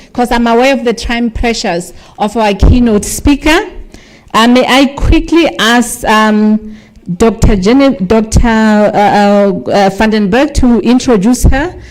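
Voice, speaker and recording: A woman's voice: a little high, darkish tone. Chatty woman hosting a ceremony. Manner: chatty, off-the-cuff, checks with the team aloud. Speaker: master of ceremonies. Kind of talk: informal hosting of a formal ceremony. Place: university function hall.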